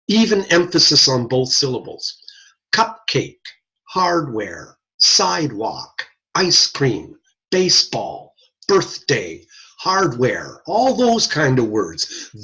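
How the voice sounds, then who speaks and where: A man's voice: mid-range voice, a bit bright. A man lecturing informally on audiology from his computer, repeating points and checking in with frequent "okay?". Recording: slightly husky voice, dull lo-fi audio.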